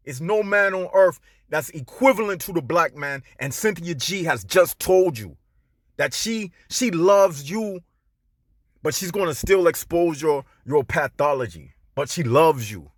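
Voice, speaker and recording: An emphatic male channel host with a slightly high voice, delivering a preachy, scornful monologue. He drags out words he wants to stress and swings between a low drawl and pitched-up outbursts. The sound is dry and close. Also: expressive, a little slow, no echo.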